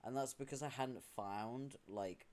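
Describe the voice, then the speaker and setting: A man's voice: medium pitch, unhurried, darkish tone. A British man streaming, chatting casually with dry, sarcastic asides. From Britain.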